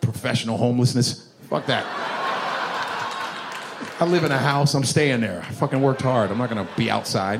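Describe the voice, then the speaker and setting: A man doing a profane stand-up comedy routine, animated, often bursting into shouts. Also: medium pitch, normal speed, long pauses, background noise.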